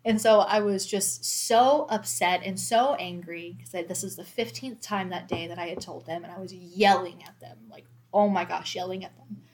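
A woman's voice: fairly low pitch, moderate pace, hardly any pauses, a little mellow, a little hiss or hum. A woman in her thirties, a mother of four, talking candidly and reflectively in a casual faith conversation, with many fillers.

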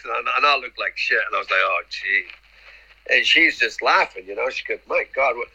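A middle-aged man speaks as a podcast guest, rambling through casual anecdotes, repeating words and acting out the dialogue. His voice is medium in pitch, husky and sharp in tone, and he talks fairly quickly. The audio quality is poor.

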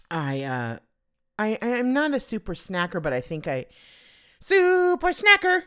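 A woman's voice: on the low side, very animated, takes it slowly, long pauses. A woman hosting her own podcast, chatting casually on her own in a rambling, self-deprecating, giggly way. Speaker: podcast host. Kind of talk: casual solo podcast chat.

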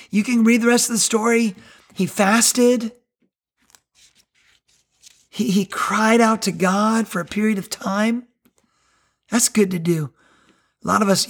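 A man's voice: high voice, husky. A middle-aged male pastor preaching a sermon in an earnest, conversational way.

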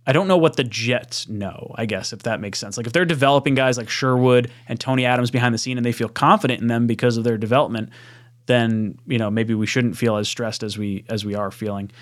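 A man's voice: medium pitch, steady tone, brisk. Chatty man hosting a sports podcast. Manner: chatty, reads listener comments aloud. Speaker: podcast host. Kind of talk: casual chat.

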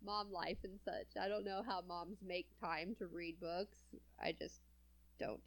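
A woman's voice: on the low side, fairly even intonation, unhurried. A woman co-hosting a casual chat show, who laughs often and reads stories out with dry sarcasm. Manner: giggly, chatty, with dry sarcasm. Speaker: podcast co-host.

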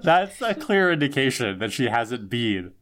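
A laid-back podcast co-host adding wry, joking asides to a casual recap. The voice sits at an average pitch and the delivery stays relaxed. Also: unhurried. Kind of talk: casual episode recap chat.

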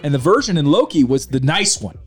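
A man casually ranting about a film on his show, animated and mocking, with a faint music bed. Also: fairly high pitch, a little fast, husky. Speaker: podcast host reviewing a film. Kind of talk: casual opinionated chat.

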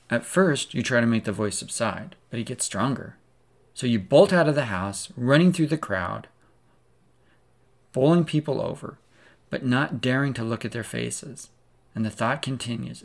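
A man delivers a sermon with a gravelly, fry-tinged voice at an ordinary male pitch. He tells the story dramatically, drawing the listener in as "you." His manner is that of a preacher painting a scene. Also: normal speed. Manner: dramatic second-person storytelling.

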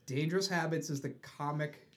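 A man in casual chat, retelling a comic story with quick put-on voices for each character. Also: on the high side.

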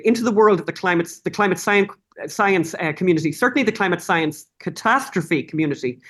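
Animated woman guest, rambling restarts. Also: lowish voice. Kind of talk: casual interview talk.

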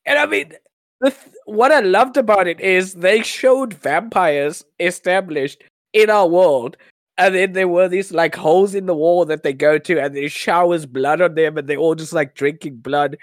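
A man's voice: sits high, moderate pace, no room sound. A man co-hosting a podcast in casual chat, enthusiastic and gushing, laughing often. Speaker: podcast co-host.

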